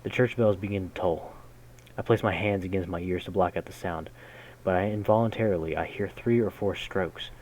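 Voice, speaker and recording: A man reading a game's story text aloud in a measured way, breaking in with casual, slangy jokes as a gaming host. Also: sits low, darkish tone, slight background noise, rough recording. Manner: measured narration broken by casual slangy comments. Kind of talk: reading game text aloud with jokey asides.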